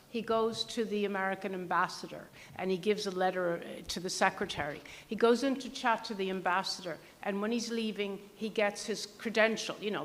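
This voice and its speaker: A woman's voice: medium pitch, sharp tone. A woman at a public history event, talking in a musing, conversational way. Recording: hall with long reverb.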